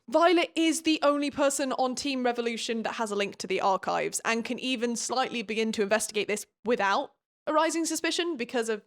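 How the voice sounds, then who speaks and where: A young woman recapping a book in a casual, sarcastic, exasperated way, laughing often. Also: on the high side.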